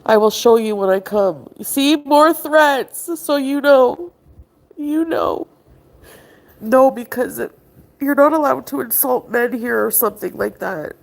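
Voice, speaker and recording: A woman's voice: fairly high pitch, animated, a little slow, vocal fry. Distressed woman on a livestream. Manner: distressed, pleading and accusing. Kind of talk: emotional livestream argument. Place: indoors, abroad.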